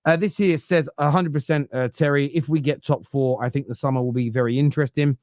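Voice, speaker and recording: Southern English male host, mid-pitched, argumentative, dry close sound. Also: steady tone, fairly quick, darkish tone, no room sound. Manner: argumentative, explains at length. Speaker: football podcast host. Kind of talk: casual debate.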